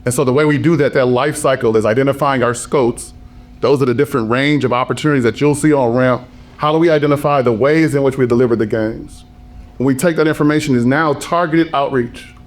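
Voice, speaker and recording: Male panel speaker, hoarse from a lost voice, emphatic and driven, mid-range pitch. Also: a little fast. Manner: passionate, emphatic, repetitive phrasing. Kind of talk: panel talk.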